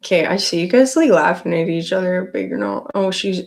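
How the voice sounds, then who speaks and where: A woman's voice: lowish voice, brisk, creaky. A Canadian woman hosting a casual live stream, chatting with viewers in a rambling way full of likes and restarts. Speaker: livestream host.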